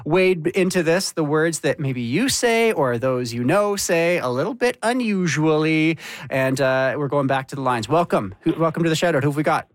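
Man, radio call-in host, upbeat, laughs a lot, slightly high voice, dry studio sound. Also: lively intonation, moderate pace, no room sound. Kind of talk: casual call-in chat.

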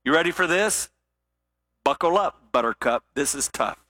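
A man preaching a sermon, telling a parable with drama and dropping to a hush for serious points. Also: on the high side, expressive, normal speed. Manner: dramatic storytelling, drops to a hushed voice for weight.

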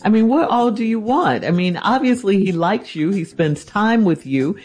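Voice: medium pitch, animated, moderate pace, a little mellow, husky. An advice host who reads a listener's letter, then answers with teasing disbelief. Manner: teasing, incredulous.

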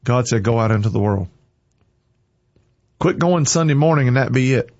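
A man preaches with fervor, driving each point home through repetition. His voice is husky and sits at a middle pitch. The recording sounds dull and lo-fi. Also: expressive, moderate pace. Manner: forceful, emphatic, repeating lines for stress. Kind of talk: sermon.

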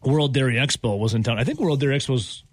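A man, hosting a sports talk show and telling stories with lively acted-out quotes and frequent laughter. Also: mid-range voice, fast talker, husky, no room sound. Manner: animated storyteller, acts out quotes, laughs often. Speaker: radio host. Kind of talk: casual sports talk banter.

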